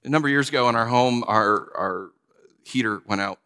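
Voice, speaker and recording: Male pastor, storytelling sermon, bright and a bit high, long hall reverb. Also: brisk, clear, resonant tone. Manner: conversational, joking, acts out little stories.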